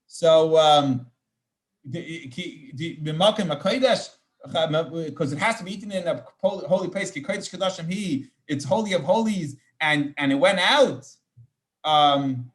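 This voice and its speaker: Rabbi explaining scripture in a fairly high voice. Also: male voice, expressive, brisk. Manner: explanatory, sprinkles Hebrew terms, frequent restarts. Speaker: rabbi teaching Torah. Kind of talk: informal Torah class.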